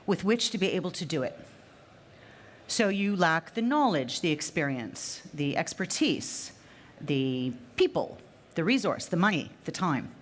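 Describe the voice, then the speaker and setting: A woman in her fifties giving a conference talk to a live audience, emphatic and fond of repeating her key phrases. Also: fairly low pitch. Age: 50s. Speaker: speaker at a trade fair session.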